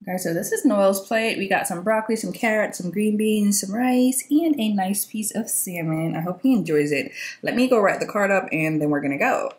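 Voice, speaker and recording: A woman's voice: mid-range voice, fairly quick, breathy edge. A young woman vlogging on a handheld phone outside by her car in the cold, talking casually and gushing with emotion. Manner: animated, laughing, gushing with emotion. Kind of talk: casual vlog chat.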